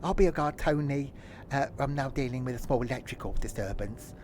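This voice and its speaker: A man doing a deadpan train guard. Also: mid-range voice, a little fast, noisy background, lightly acted. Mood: deadpan announcing. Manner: formal announcer patter with deadpan jokes. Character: cheerful male train guard making announcements.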